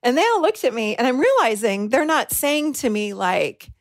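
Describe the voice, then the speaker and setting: Animated woman telling a personal story. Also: on the high side, normal speed, dry recording, studio quality. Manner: animated, acts out quoted voices. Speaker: podcast host. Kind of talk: storytelling monologue.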